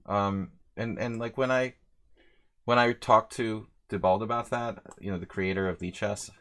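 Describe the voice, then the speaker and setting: A man's voice: fairly low pitch, steady tone, normal speed, fairly bright tone. A man streaming chess live, rambling chattily between moves and reading out viewer names in casual commentary. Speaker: chess streamer playing a simul. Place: lives in Hungary.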